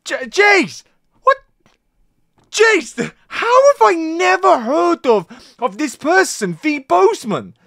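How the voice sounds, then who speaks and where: A British reaction video host giving casual, excitable commentary full of swearing and loud exclamations. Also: very high voice, slow, creaky, no echo, studio quality. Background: song playing faintly.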